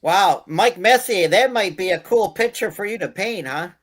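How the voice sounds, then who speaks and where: A man's voice: high-pitched, animated, moderate pace. A male host steering a casual chat, reacting with short "wow"s and handing off to his co-hosts.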